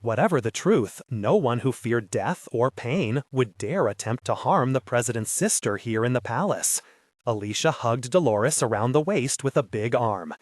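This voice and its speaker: A male audiobook narrator reads scripted text in a steady, measured storytelling voice of medium pitch. The recording is clean studio sound with no room sound.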